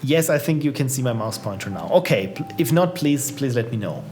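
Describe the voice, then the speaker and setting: A man's voice: medium pitch, animated, a little fast, darkish tone, faint music behind. A man casually commenting while live-streaming and trying out indie games, chatty and upbeat, reacting aloud to what he sees. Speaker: streamer playing viewers' games.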